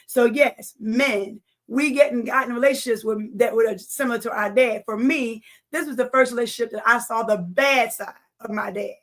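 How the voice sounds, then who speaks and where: A woman's voice: fairly high pitch, moderate pace, few pauses. A woman giving a personal testimony to an audience, earnest, speaking to them directly and repeating phrases for emphasis.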